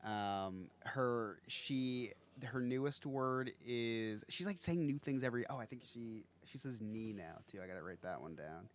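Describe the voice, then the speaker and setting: A man's voice: medium pitch, a little slow, few pauses. A man co-hosting a casual podcast chat, joking and laughing often as he rambles with frequent restarts. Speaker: podcast co-host.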